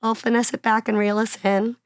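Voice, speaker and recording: Lively chatty woman from Miami. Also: fairly high pitch, fairly quick, clear, resonant tone, dry recording, clean studio sound. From Miami, Florida. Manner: animated storyteller, laughs often between phrases; chatty, uses many fillers like "like" and "you know". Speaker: actress and singer-songwriter guest. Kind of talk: casual conversational interview.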